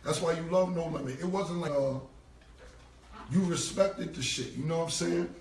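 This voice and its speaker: A man telling a casual story, animated and acting out quotes in other voices. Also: on the high side, normal speed. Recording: echoey room, far from mic, faint noise.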